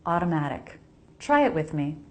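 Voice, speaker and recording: An American woman teaching English pronunciation, slowly repeating each word for the listener to copy. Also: low-pitched, big pitch swings. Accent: General American. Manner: slow, precise, repeats words for practice. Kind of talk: pronunciation lesson voice-over.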